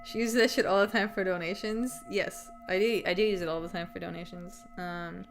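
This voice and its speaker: A woman's voice: lowish voice, fairly even intonation, brisk, faint music behind. A young adult woman hosting a live stream, chatting casually and candidly into a desk microphone, rambling with lots of "like", swearing and laughing often. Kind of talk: casual chat.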